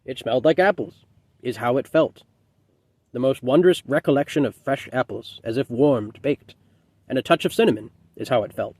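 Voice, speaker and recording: A serene old man speaks of dying in a calm, wistful, matter-of-fact way, as an author puts him on while reading aloud. He stays unhurried and gentle, with no alarm in his voice. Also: mid-range voice, breathy edge, dry recording, close to an everyday voice.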